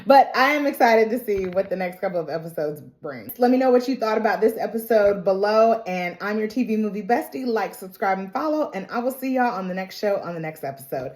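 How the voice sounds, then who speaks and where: Woman doing a chatty tv recap, lively and playful, bit of room echo. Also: medium pitch, a little fast, few pauses. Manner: animated storytelling, playful and emphatic. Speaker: TV reaction host. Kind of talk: casual episode recap and reaction. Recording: roomy echo.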